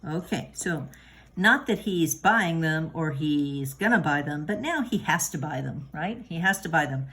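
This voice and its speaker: A woman's voice: low-pitched, animated, unhurried, fairly bright tone. A woman teaching a recorded grammar lesson, patient and encouraging, with many fillers and restarts. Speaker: Spanish teacher.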